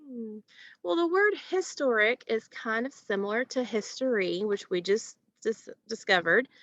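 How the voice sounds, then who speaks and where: A woman teacher giving a recorded phonics lesson to children, asking questions and pausing patiently for answers. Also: a little high, lively intonation, a bit bright, no room sound, muffled recording. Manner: slow, patient, asks questions and pauses for answers.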